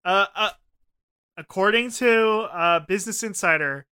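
A man's voice: high-pitched, unhurried, sharp tone, clear, resonant tone. A young man co-hosting a podcast, rambling and joking in casual chat, swearing freely. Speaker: podcast co-host.

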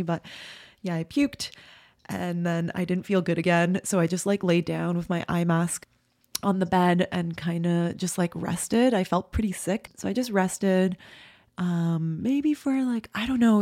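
A woman's voice: lowish voice, a little mellow, no room sound, studio quality. A woman vlogger candidly recounting a personal experience to her viewers, full of "like" and "um", tearful at times. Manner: candid, emotional, fillers like "like" and "um". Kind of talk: personal storytelling to camera.

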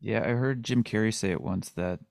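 A man hosting a podcast, chatting loosely and throwing in quick asides. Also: on the low side, vocal fry, a little mellow, no echo, clean studio sound. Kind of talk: casual podcast conversation.

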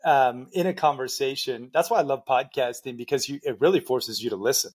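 Male podcast host, husky voice, chatty and easygoing, mid pitch. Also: fairly quick. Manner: chatty, laughs often, many fillers. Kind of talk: casual interview talk.

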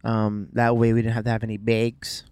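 A man's voice: lowish voice, monotone, quick pace, a little mellow, clear, resonant tone, dry recording. A man in his thirties, chatting casually with his wife while driving, with playful jokes and asides. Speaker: vlogger, father. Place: car.

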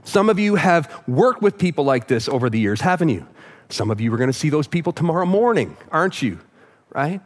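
A man's voice: on the high side, very animated, brisk. A man preaching a sermon to a church congregation, conversational and joking with the crowd. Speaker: pastor. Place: church auditorium with live audience.

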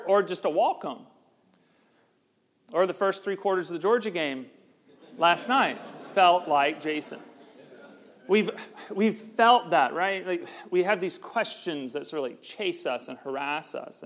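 High-voiced man preaching in a reverberant church. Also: animated, a little slow, long pauses, fairly bright tone. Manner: conversational, joking with the congregation. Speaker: pastor. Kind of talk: sermon. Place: church sanctuary. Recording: long hall reverb.

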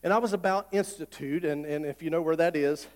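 A middle-aged male pastor, preaching a folksy sermon that swells into loud, repeated declarations. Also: a little high, a little fast. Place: church sanctuary. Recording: long hall reverb.

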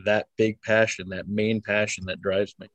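A young man with a lowish voice talks through his answers casually, stopping often on fillers and chuckling now and then. The sound is dry and close, with no room around it. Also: level tone, normal speed, a bit bright, dry recording. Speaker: wrestler guest.

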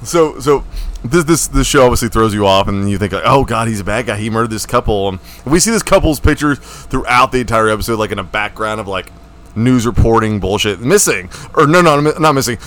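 Animated, laughing young man riffing. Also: medium pitch, a little fast. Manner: rambling, laughing, crude and jokey. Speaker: podcast co-host. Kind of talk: casual podcast chat.

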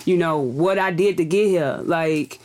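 A podcast co-host in casual chat, voice at a middle pitch, nodding along with quick agreement and now and then talking at length. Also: a little mellow. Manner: affirming, chimes in with agreement.

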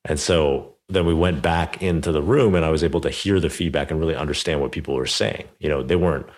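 A man's voice: rumbling low, fast talker. A man hosting a podcast interview, telling a personal story casually with lots of "like" and "you know". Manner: animated, many fillers like "like" and "you know". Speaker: podcast host.

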